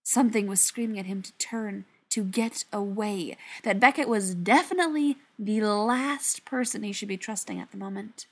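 A woman narrating a novel aloud in an unhurried reading voice. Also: medium pitch. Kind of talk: audiobook narration.

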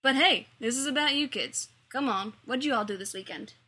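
A woman puts on a surly young male teacher, blunt and sardonic, calling out loudly. The voice is bright with a breathy edge. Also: high-pitched, a little fast, exaggerated voice. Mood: gruff.

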